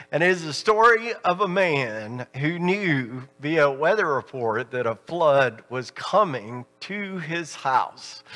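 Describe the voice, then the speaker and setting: A man's voice: on the high side, fairly bright tone. A man pastor giving a sermon in an earnest storytelling manner. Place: church worship hall. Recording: reverberant church hall.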